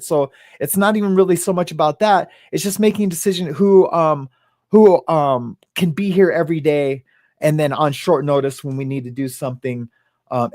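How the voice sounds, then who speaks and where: A man's voice: fairly high pitch, a little mellow, dry recording. A man hosting a casual livestream, rambling and hesitant, with many ums as he greets viewers by name. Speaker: livestream host.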